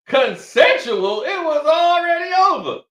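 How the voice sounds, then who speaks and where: A man's voice: very high-pitched, sing-song, slow, fairly bright tone. A man doing comedic commentary, laughing often and reading quotes in mocking voices. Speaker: commentary streamer. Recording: echoey room, far from mic.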